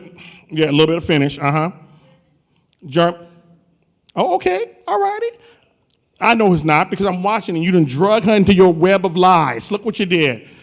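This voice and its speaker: A man emceeing a conference on stage, teasing the crowd in a playful, slangy way. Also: high-pitched. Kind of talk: joking crowd work on stage. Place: large conference hall. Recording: live hall with long reverb.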